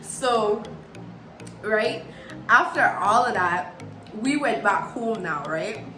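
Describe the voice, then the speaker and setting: A young woman with a Belizean accent tells a funny story in a casual vlog, animated, emphatic and often laughing. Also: mid-range voice, slow. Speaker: vlogger. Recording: echoey room with faint music.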